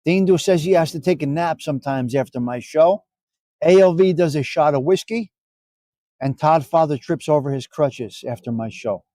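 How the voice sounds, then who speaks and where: A man's voice: fairly high pitch, normal speed, mellow, dry recording, studio quality. Profane joking man hosting a live stream. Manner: loose, profane, joking banter. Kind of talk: casual chat with live chat viewers.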